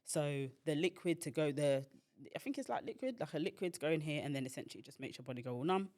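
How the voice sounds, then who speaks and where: A woman's voice: sits low, animated, fast talker, mellow. A woman hosting a podcast, telling a personal story in a chatty way, full of fillers and acted-out quotes. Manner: chatty, filler-heavy, acts out quoted voices. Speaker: podcast host and founder.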